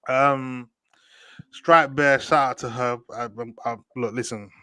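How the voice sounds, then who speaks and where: A man's voice: mid-range voice, takes it slowly, smooth, no room sound. Young man host, slangy football banter, dry close sound. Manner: slangy, animated, repeats "do you get me". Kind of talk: casual football chat.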